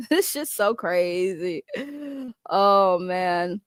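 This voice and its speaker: A woman's voice: fairly low pitch, animated, very slow, smooth, no room sound, clean studio sound. A young woman host rambling through casual reaction commentary, chatty and swearing freely.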